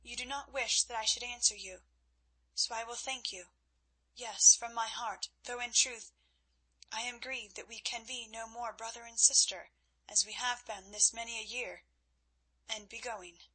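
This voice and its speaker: A young noblewoman speaking in measured, grave words, stern yet gentle, read by a woman. Her voice is bright with a husky edge, a little higher than middle. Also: steady tone, poor audio. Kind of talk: audiobook character reading.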